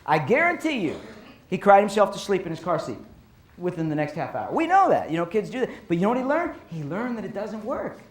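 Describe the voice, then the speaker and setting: A man giving a storytelling lecture to an audience on violence prevention, animated and repeating phrases for emphasis. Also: high-pitched, brisk. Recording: roomy echo.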